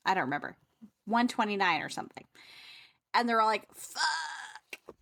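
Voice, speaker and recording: A woman co-hosting a book club podcast in easy, casual chat. She retells the plot with energy and slips into quick voices for the characters. Her pitch sits in the middle for a woman. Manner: animated, acts out characters' lines while retelling.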